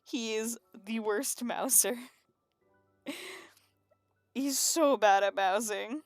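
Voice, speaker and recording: Speaking very slowly in a fairly high voice, this woman chats and rambles from her home room as she draws comics on stream. She laughs a lot and lets the odd swear word slip. There's no echo, just soft music playing in the background.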